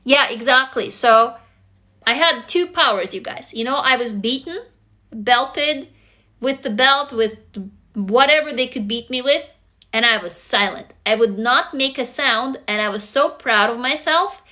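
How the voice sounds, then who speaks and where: A woman speaks in a high, bright, forceful voice. She hosts a livestream and talks in a raw, intense way, swearing freely and circling back to the same phrases again and again. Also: a little slow. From Russia. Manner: raw, intense, profane, repetitive. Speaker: livestream host. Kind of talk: emotional livestream monologue.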